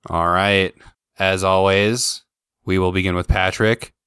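Deep-voiced casual man, dry sound. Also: measured pace, smooth, no echo. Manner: relaxed, swears casually, runs the ratings. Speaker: podcast host. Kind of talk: casual chat.

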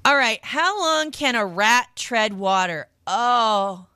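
A woman hosts a radio shopping show in a loose, chatty way, quick to exclaim in disgust. Her voice is bright and forward. The studio sound is dry and close. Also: fairly high pitch, clean tone, no echo. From lived in New York. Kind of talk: casual radio chat.

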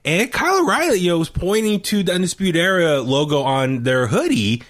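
A young man co-hosting a casual chat show, excitable and laughing often, with plenty of fillers. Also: high-pitched, a little fast. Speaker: podcast co-host.

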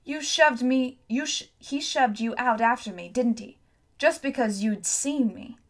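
A woman's voice: fairly high pitch, measured pace, voice pushed up. Woman doing a fierce, scornful scarred girl. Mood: mocking. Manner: curt, blunt, scornful.

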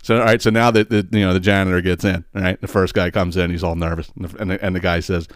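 A man's voice: low-pitched, level tone, quick pace, hardly any pauses, no room sound, clean studio sound. A man hosting a podcast, telling a joke in a rambling, profane, laughing way. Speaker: podcast host. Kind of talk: casual comedic storytelling.

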